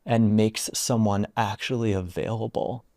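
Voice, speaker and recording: A man telling a story in an interview about guiding people through retreats, speaking softly and haltingly with many "like"s. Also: lowish voice, steady tone, dry recording, studio quality. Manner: soft-spoken, halting, full of "like". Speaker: retreat founder and guest.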